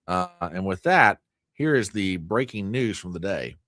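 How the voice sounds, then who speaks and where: A man's voice: low-pitched, expressive, a little slow, fairly bright tone, no echo, clean studio sound. A man hosting a live news stream, joking with his chat in exaggerated mock outrage. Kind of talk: joking livestream commentary.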